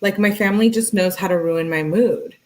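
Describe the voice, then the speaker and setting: A woman's voice: mid-range voice, fairly quick, poor audio. A woman casually reading text messages aloud and adding her own comments, chatting with her viewers as she goes. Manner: reads messages aloud and chats with live viewers. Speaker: true crime commentator.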